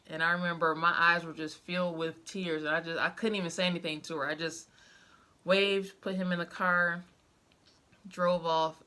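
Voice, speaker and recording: With a low-leaning, bright and forceful voice, a young woman speaks at a moderate pace with fairly even intonation. As a vlogger, she casually shares heartfelt, emotional stories to camera about motherhood, filling her speech with fillers.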